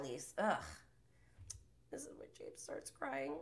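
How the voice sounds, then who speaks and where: A woman's voice: high-pitched, sing-song, takes it slowly, vocal fry, pauses often. A woman hosting a podcast, recapping reality TV in a gossipy, opinionated way and swearing freely. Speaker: podcast host.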